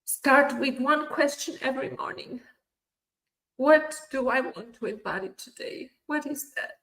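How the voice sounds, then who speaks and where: A woman giving a motivational keynote over a video call, repeating her phrases and affirming them with frequent "yes". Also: on the high side. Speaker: keynote speaker at a virtual summit. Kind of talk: motivational speech. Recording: roomy echo.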